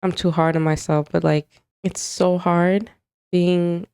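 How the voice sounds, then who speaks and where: Brief: young woman podcast host, candid and confiding, low warm smooth voice, dry close sound. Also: little pitch movement, unhurried, no echo. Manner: confiding, emotional, talks straight to moms. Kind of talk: candid casual monologue.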